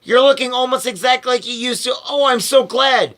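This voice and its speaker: A man voicing an eager, excited young boy in a storybook reading. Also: very high voice, fairly quick, pitched above the performer's own voice.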